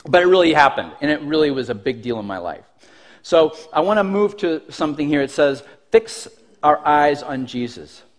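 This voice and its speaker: A male pastor with a high-pitched voice tells a story from the pulpit. His delivery is animated and self-mocking, and he often laughs as he talks. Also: brisk. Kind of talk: storytelling sermon.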